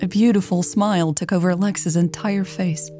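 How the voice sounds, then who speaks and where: A woman narrating a romance story in a calm, gentle and intimate reading. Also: fairly low pitch, normal speed, faint music behind.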